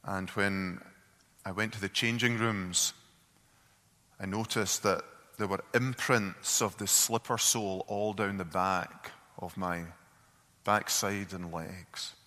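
A man voicing a grieving father who speaks quietly and haltingly about his past. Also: low voice, steady tone, long reverb tail, pitched below the performer's own voice, heavily acted. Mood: broken. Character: broken grieving father recalling abuse.

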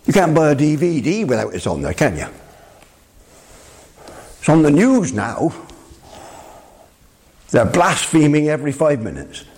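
An older man preaching a sermon in an emphatic, animated way, often addressing the listeners as his friend. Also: on the high side, a little slow, long pauses, husky.

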